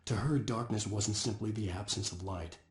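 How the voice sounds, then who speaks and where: A desperate writer played by an actor speaks with urgent, pleading force and narrates in a lower voice. The game audio is roomy and echoey. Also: male voice, normal speed, close to an everyday voice. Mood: narrating. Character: desperate male writer searching for his wife.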